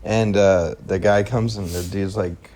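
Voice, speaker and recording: Animated young man telling a story. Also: deep voice, measured pace. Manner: animated storyteller who swears freely and acts out quotes. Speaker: podcast co-host. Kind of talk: casual podcast storytelling.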